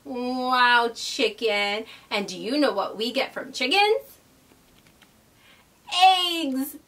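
A young woman hosting a toddler learning video, talking in a slow, exaggerated, sing-song way. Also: a little high, expressive, a bit bright, far from the mic. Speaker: children's educational host. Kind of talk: teaching toddlers.

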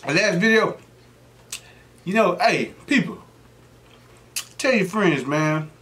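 This middle-aged mukbang host has a high, pushed, bright voice with lively intonation and a slow pace. He chats casually while eating, a rambling storyteller who keeps wandering into jokes.

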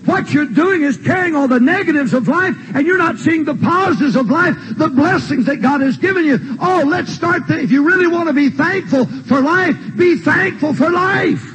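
An older man preaching a sermon in a church, emphatic and repetitive, with shouted refrains. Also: extremely high pitch, lively intonation, moderate pace, few pauses, rough recording. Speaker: pastor. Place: church sanctuary.

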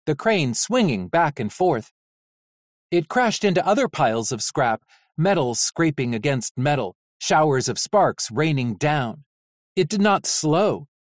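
An audiobook narrator reading a novel in an expressive, animated way. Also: medium pitch, no room sound, studio quality.

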